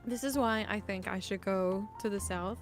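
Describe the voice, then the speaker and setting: A woman from Canada chatting casually on a livestream, giggly and animated, swearing freely. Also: medium pitch, moderate pace, faint music behind. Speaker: streamer. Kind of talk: casual chat.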